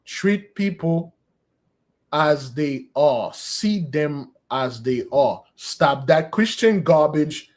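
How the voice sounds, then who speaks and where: Earnest preaching man, slightly high voice. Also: animated, very slow, darkish tone. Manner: earnest, exhorting, calls listeners beloved. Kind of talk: sermon and spoken prayer.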